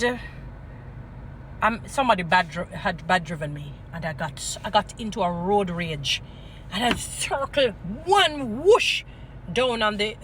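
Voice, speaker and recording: A Jamaican woman holds forth like a street preacher, her bright, forceful voice swinging between scolding and Bible storytelling in a mix of patois and English. Faint traffic hums outdoors behind her. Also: medium pitch. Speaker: vlogger. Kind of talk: impassioned commentary with Bible stories.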